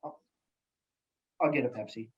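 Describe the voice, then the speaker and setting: Animated joking man on a lo-fi podcast mic. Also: moderate pace. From United States. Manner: animated, jokey storyteller with many restarts. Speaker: guest, sales executive and elected official. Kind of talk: casual podcast chat.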